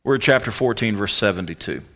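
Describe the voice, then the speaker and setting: A male pastor with a Southern American accent delivers a sermon in a church, his voice sitting a little low. He keeps it folksy and conversational, reading scripture aloud and firing questions at the congregation. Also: lively intonation, quick pace, vocal fry, bright, forceful tone.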